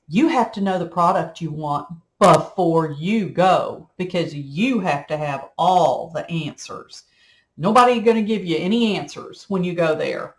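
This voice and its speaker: A middle-aged woman, chatting in a folksy, rambling way while she works on a craft project at home. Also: fairly low pitch. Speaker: crafting vlogger. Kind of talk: casual chat while crafting. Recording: echoey room.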